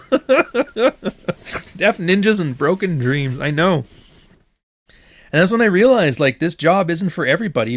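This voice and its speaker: This podcast host has a mid-range, fairly bright voice. He's telling a story in a casual monologue, swearing freely, laughing a lot, and sardonically acting out other people's quotes.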